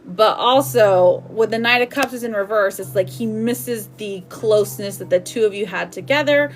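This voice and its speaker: A woman reads tarot on a live stream in a medium-pitched voice at normal speed. She chats warmly, calls her viewers sweetheart and babe, and frequently laughs and uses "like."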